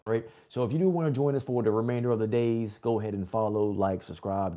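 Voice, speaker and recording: A man's voice: fairly low pitch, warm tone, muffled recording. A man hosting a casual livestream, chatting with viewers in a laid-back, slangy way and reading Bible passages aloud.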